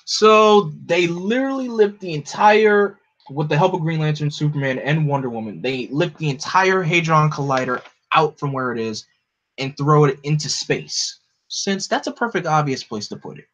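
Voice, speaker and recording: A man's voice: a little high, lively intonation, moderate pace, a bit bright, highs cut off. A man reading a comic aloud in a casual style, with wry, joking asides.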